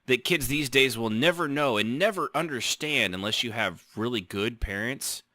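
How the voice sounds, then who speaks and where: Guy hosting a podcast, super bright voice, jokey, dry mic. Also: medium pitch, moderate pace, few pauses, no room sound. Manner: joking, storytelling, laughs often. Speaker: podcast host. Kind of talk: casual chat.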